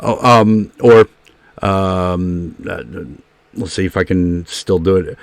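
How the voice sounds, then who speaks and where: A man's voice: deep voice, fairly even intonation, takes it slowly, dry recording. Chatty man on a dry close mic. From US South. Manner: chatty, puts on playful accents. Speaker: streamer host. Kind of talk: casual chat.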